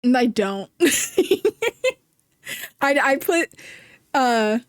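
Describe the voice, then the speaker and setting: A woman's voice: a little high, drawn-out words, clear, resonant tone, dry recording, clean studio sound. A young woman from New Jersey with a Jersey accent, chatting casually as a streamer, rambling, giggly and self-deprecating. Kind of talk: casual chat while gaming, reading chat.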